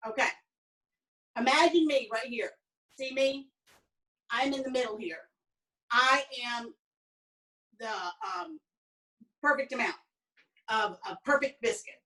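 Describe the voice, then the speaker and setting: A Southern woman with a Southern US accent teaches a casual baking lesson, chatting and rambling through family stories in a folksy way. Her high, sharp voice is far from the mic on a low-quality recording.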